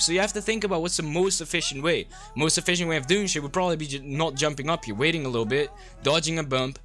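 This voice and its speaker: A young man talks a player through a game replay in a sharp, bright voice pitched a little high. He coaches bluntly, swearing and mocking often, while faint music plays underneath. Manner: blunt, profane and sarcastic.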